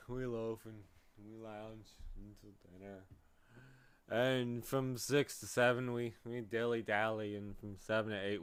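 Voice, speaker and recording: A man's voice: lowish voice, sharp tone, clean tone. A man doing sleepy, idle Lethargarians. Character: drowsy lazy creatures who do nothing.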